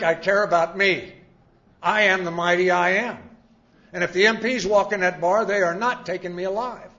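A man's voice: sits high, a bit bright. An older man telling his own story to an audience in a plainspoken, folksy, self-mocking way. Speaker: speaker sharing a recovery story. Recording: dull lo-fi sound.

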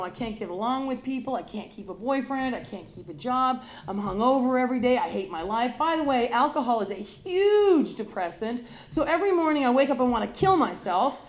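A woman's voice: on the high side, animated, fairly quick, few pauses, echoey room, a little hiss or hum. A woman sharing her own story of alcoholism and recovery with an audience, candid and confessional, emphatic and dramatic as she acts out her past self. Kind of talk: personal recovery talk to an audience.

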